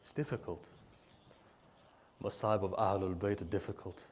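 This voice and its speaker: A man preaching a mourning sermon in emotional storytelling, rising loud and falling soft. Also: fairly even intonation, normal speed. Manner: emotional storytelling, swelling loud then dropping low. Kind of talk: majlis sermon.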